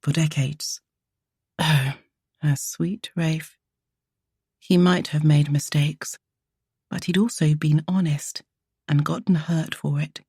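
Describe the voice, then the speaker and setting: Female romance narrator, low husky voice, intimate, drifting into whispers, dry close sound. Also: fairly even intonation, slow pace, long pauses, darkish tone, dry recording. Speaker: audiobook narrator.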